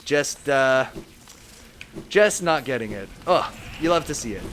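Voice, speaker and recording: A man's voice: medium pitch, expressive, unhurried, fairly bright tone, a little hiss or hum. A young man from Southern California chatting casually and joking while he streams a game, laughing often. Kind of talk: casual live-stream chat while gaming.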